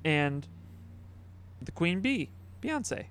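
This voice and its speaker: A man hosting a casual chat, talking in halting bursts and laughing at himself. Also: fairly high pitch, big pitch swings, fairly bright tone, soft background music. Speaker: podcast host.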